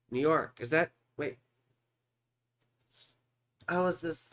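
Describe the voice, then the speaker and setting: A man's voice: a little high, animated, a little slow, sharp tone. A man in his forties from California, an astrologer chatting and rambling through live chart readings, muttering while he searches and talking to viewers by name. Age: 40s. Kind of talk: casual live-stream chat.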